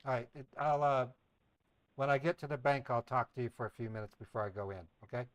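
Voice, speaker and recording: Scambait streamer guy, playful and chatty, dry close sound, middle-pitched voice. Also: fast, clear, resonant tone, dry recording, rough recording. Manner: playful, chatty, feigns eager excitement to the scammer. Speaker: scambaiting livestream host. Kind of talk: casual livestream chat.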